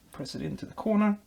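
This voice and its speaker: A man with a high, gravelly voice and a darkish tone vlogs while building a guitar. He explains as he works in a casual workshop tutorial, rambling and cracking self-deprecating jokes.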